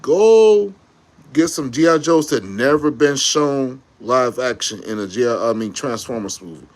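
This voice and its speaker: Excitable man ranting as a fan. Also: mid-range voice, normal speed. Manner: excitable, slangy, rambling with self-corrections. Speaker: YouTube commentator. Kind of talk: casual fan rant to camera.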